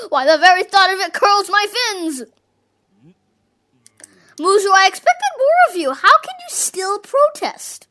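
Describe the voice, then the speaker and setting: A prickly old fish-folk adviser from a fantasy game, put on by a fan doing every role. He protests in scornful, huffy tones, and the voice is very high and bright. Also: full character voice. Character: indignant elderly fish-folk royal adviser. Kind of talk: voicing game dialogue.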